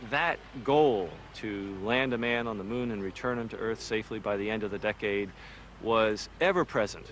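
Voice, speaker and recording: Guy thinking it over out loud, bit halting, faint noise around. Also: fairly low pitch. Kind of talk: documentary interview.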